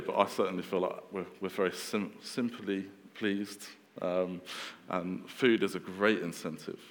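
Unhurried and deep-voiced, a man in his thirties gives a sermon in an easygoing, conversational style, stumbling into fillers and restarting lines. A long reverb tail trails his words.

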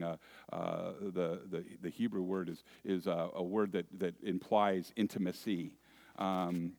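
A man preaching a sermon as pastor, deliberate and asking his congregation rhetorical questions. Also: lowish voice.

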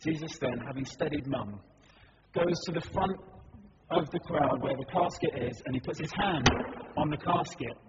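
A man's voice: a little high, moderate pace, big-room sound. Dramatic male preacher. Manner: vivid, dramatic storytelling with swings between hushed and loud. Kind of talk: sermon storytelling. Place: church service. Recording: dull recording with background noise.

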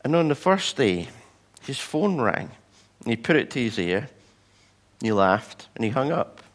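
A pastor delivering a sermon tells personal stories and acts out the people in them with animated voices. His voice is mid-range and a little slow.

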